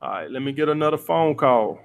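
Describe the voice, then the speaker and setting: A man's voice: mid-range voice, very animated, a little fast, creaky. A man coaching callers on dating, lecturing bluntly and cursing freely. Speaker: dating coach taking calls. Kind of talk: call-in advice show.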